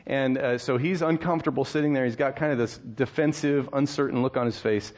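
A man's voice: medium pitch, a little fast, a little mellow, lo-fi sound. A male pastor in his thirties preaching a sermon in a conversational, storytelling way, with rhetorical questions and laughs.

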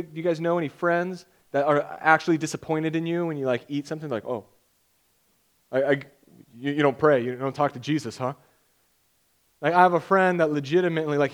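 A young man preaching a sermon as pastor, conversational and joking, often acting out imagined voices. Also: on the high side.

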